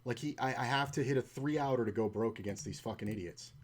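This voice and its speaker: A man's voice: medium pitch, fast talker, a little hiss or hum. A man commenting on his own online poker play, swearing often and telling stories in a frustrated, ranting way. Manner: long anecdote with acted-out quotes.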